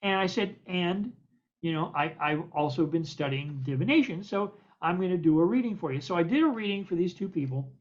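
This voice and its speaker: A man's voice: sits high, lively intonation, brisk. An older American man tells his stories with animation and acts out each voice in them. He stumbles and repeats himself as he goes. The recording is dull and lo-fi. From United States. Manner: stammers and repeats words. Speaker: guest poet. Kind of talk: anecdotal storytelling in an interview.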